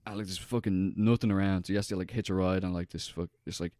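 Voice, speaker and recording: A man's voice: sits low, steady tone, fast talker, warm tone, dry recording, studio quality. A young man chatting casually, rambling and swearing with lots of fillers as he recounts a film. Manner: rambling, profane, heavy on fillers. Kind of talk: casual chat.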